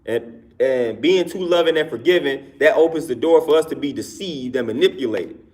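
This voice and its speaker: A man's voice: medium pitch, moderate pace, darkish tone. A man hosting a livestream and talking casually to his viewers' comments, repeating his points twice with emphasis and laughing between them. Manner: repetitive, emphatic, says each point twice. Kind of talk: casual talk to a live chat.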